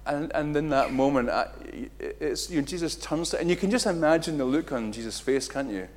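A middle-aged man preaching a sermon, acting out quotes with big jumps in loudness and pitch. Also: a little fast. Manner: animated, acts out quotes with big swings in loudness.

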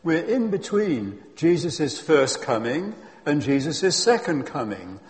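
A man preaching a sermon in a lively, emphatic way, with chuckles and friendly asides. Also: fairly high pitch, slow, in a large hall.

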